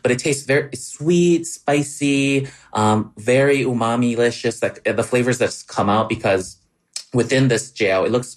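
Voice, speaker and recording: A man with a Wisconsin accent, a cookbook author chatting eagerly in an interview, with lots of likes and ums. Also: medium pitch. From Wisconsin, USA. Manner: quick, enthusiastic, filler-heavy. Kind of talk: casual interview chat.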